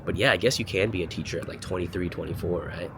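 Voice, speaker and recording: A man's voice: low voice, fast. A man in his twenties from the United States, talking in a casual, rambling vlog monologue, profane and joking, with lots of "like" and "you know". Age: 20s. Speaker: vlogger. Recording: noisy outdoor street ambience.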